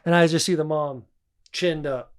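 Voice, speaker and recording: A man's voice: fairly high pitch, steady tone, moderate pace. A man in his thirties co-hosting a podcast, telling stories in a loose, rambling way that is full of "like" and frequent laughter. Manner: rambling storyteller, heavy use of "like", laughs often. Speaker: podcast co-host. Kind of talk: casual chat.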